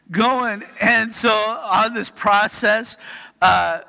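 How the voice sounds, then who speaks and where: High-voiced man preaching in an echoing hall. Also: drawn-out words, gravelly, sharp tone. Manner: chatty storytelling, keeps asking "right?". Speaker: pastor. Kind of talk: sermon. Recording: long reverb of a hall.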